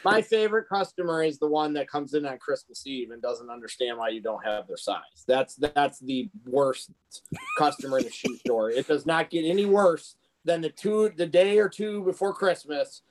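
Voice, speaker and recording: A man with a notably high voice venting about difficult customers in a relaxed podcast chat. His delivery is blunt and full of swearing. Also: normal speed, poor audio. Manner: blunt, profane ranting. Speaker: podcast co-host, shoe store worker. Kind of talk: casual chat.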